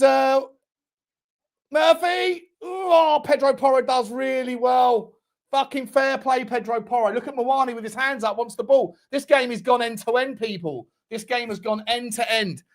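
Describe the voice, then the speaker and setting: A young man hosting a live football watchalong, calling the match play by play for his viewers and shouting and swearing when the action heats up. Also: very high voice. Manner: excitable, shouts at big moments, swears; talks to viewers directly. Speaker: fan channel host.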